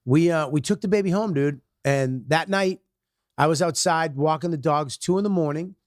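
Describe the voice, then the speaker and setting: A comedian guest in casual podcast chat, telling stories in a profane, animated way. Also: male voice, a little high, normal speed, no room sound, studio quality.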